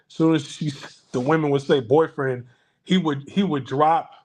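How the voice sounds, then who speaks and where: A commentary channel host with a fairly high, darkish voice keeps a steady tone at normal speed. He rants bluntly at viewers in a casual monologue, cursing and restarting often, and performs other people's voices in anecdotes.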